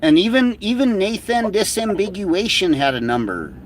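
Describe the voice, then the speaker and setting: High, lively man mocking on a livestream. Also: normal speed, crowd noise. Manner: mocking, swears a lot, shouts mimicked lines. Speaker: livestream co-host. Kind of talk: casual livestream banter.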